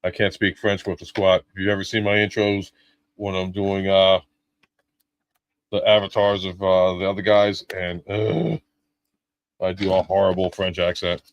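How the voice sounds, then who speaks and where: A man's voice: deep voice, fairly even intonation, normal speed, no room sound, lo-fi sound. A middle-aged man live-streaming a toy unboxing, chatting casually with jokes, swearing and lots of fillers.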